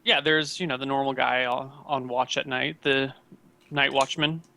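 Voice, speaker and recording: A man narrating as game master in a tabletop game, casual and halting with many fillers. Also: medium pitch, fairly even intonation, vocal fry, pushed and bright.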